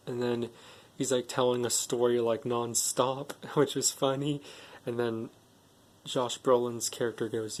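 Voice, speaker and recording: A man with a mid-pitched voice gives a casual spoken movie recap. He rambles from one plot point to the next, chaining clauses with "and then" and "like". His tone stays plain and conversational throughout. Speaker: movie reviewer.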